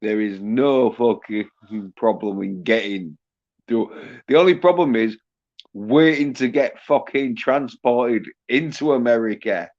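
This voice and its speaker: A man's voice: medium pitch, animated, measured pace, darkish tone, dull audio. A man hosting a livestream, ranting in a rambling, boastful way with constant swearing. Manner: profane, boastful, laughs at own jokes. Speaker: livestream host.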